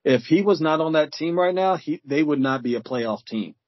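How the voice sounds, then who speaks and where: Male podcast guest, mid-pitched, rambling and casual; dry, dull lo-fi recording. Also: animated, normal speed, no room sound. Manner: rambling, searches for words, fills with "I mean". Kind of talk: casual sports chat. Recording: dull lo-fi remote audio.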